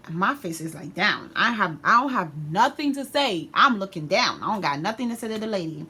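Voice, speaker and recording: A woman's voice: medium pitch, lively intonation, fairly quick, hardly any pauses, bright, forceful tone, breathy edge. A woman vlogger telling a personal story in a candid, slangy, casual way.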